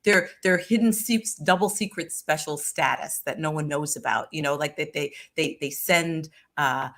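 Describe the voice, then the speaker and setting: Woman, guest, storytelling, animated, frequent restarts. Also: low-pitched, normal speed. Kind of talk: storytelling in a conversation.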